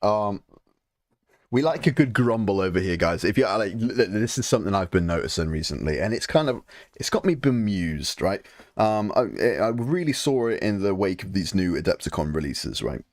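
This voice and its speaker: A young British man talks casually on a hobby live stream, rambling from one point to the next and swearing freely. His voice sits on the low side. The sound is close and dry, with no room behind it. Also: lively intonation, normal speed, dry recording. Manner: rambling, swearing, mock-grumbling, chatty. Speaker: live stream host painting miniatures.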